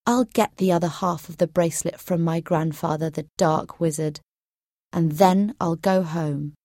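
A woman's voice: lowish voice, normal speed, mellow, dry recording, studio quality, close to an everyday voice. A woman voicing a brave young man who speaks firmly and emphatically in a storybook reading. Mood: determined.

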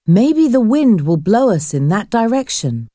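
A woman's voice: a little high, big pitch swings, unhurried, warm tone, dry recording, clean studio sound, voice pushed up. A woman voicing a weary, stubborn young man who argues bluntly with ghosts. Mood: tired.

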